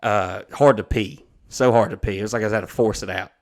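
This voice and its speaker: A man's voice: on the low side, fairly quick. A man, telling stories in a rambling, profane, laid-back way as co-host of a casual chat. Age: 30s. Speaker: podcast co-host.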